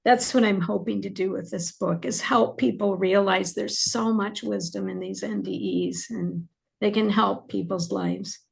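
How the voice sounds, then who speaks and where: Chatty woman with a gravelly edge. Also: medium pitch, expressive, a little slow. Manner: chatty, many fillers, gets choked up with emotion. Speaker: podcast guest, author. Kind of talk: casual interview chat.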